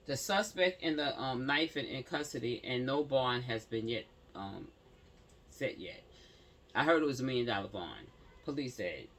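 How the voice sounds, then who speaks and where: A man's voice: medium pitch, lively intonation, normal speed, fairly bright tone. A man reading a news story aloud, stumbling over words and breaking off for slangy asides to his viewers. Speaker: commentary channel host.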